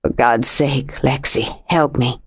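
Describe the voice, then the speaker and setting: A deep, drawling young man, stubborn and tender by turns, voiced by a woman reading an audiobook. He keeps his words low and coaxing, set well below the narrator's own voice. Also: steady tone, takes it slowly, breathy edge, exaggerated voice.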